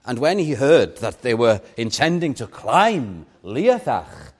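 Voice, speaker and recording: Slow earnest male preacher. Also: mid-range voice, very animated, husky. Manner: earnest, measured, with dramatic pauses. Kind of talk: sermon.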